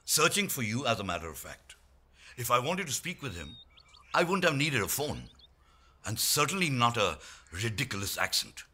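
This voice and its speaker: A wry professor in a film, parrying accusations with dry calm. His voice is bright and husky and moves lively up and down, with light guitar behind it. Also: mid-range voice, normal speed, full character voice. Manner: dry, wry, repeats accusations back incredulously. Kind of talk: film acting.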